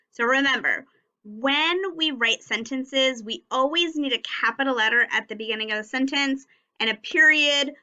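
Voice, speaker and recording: Woman, early-grade teacher on a video lesson; slow, clear and encouraging, bright tone. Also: on the high side. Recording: slightly dull lo-fi audio.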